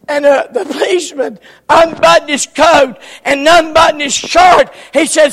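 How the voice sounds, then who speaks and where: A man preaching a revival sermon in a church, swinging from shouted lines to hushed, near-whispered ones. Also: very high voice, normal speed. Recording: church hall reverb.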